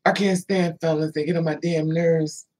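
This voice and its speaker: A woman's voice: sits low, fairly even intonation, normal speed, a little mellow, breathy edge, poor audio. A woman telling stories in a loose, chatty way, stopping to answer viewers by name. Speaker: livestream host. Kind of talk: casual storytelling chat.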